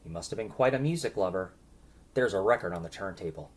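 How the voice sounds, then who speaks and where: A man's voice: low-pitched, animated, fast. A man narrating a grim war story in the second person, vividly and dramatically.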